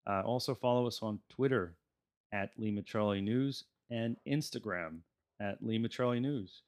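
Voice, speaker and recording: A man's voice: on the low side, normal speed, darkish tone, smooth. A man hosting a casual podcast, chatting loosely and laughing often as he wraps up an episode. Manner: laughs often, easygoing outro patter. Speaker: podcast host.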